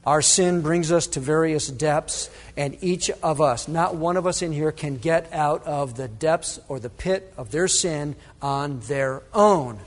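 A male pastor preaching a sermon to his congregation, dramatic, swinging between loud emphasis and hushed asides. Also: a little high, a little slow, hardly any pauses. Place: church sanctuary. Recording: reverberant church hall.

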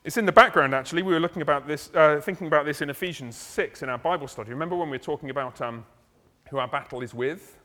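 A man's voice: fairly high pitch, quick pace, bright, forceful tone. Conversational male preacher in a hall. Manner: conversational, explaining, slips into acted asides. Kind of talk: expository sermon. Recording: long hall reverb.

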